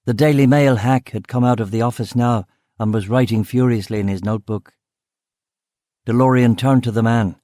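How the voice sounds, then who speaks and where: A man narrating a crime novel in the first person, steady and measured. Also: mid-range voice, dry recording, studio quality. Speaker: audiobook narrator.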